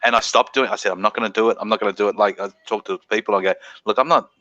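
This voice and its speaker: A man, a guest on a livestream, talking in a halting way, repeating himself and swearing freely. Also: fairly low pitch, steady tone, pushed and bright, dry recording, highs cut off. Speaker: guest YouTuber. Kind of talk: casual livestream chat.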